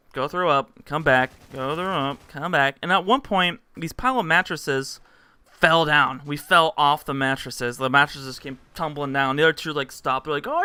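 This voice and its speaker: A young man vlogging a rambling story, tossing in fillers and little acted-out quotes. His voice is bright and crisp, a touch higher than most men's, and the recording sounds close and dry. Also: dry recording. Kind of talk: casual storytelling to camera.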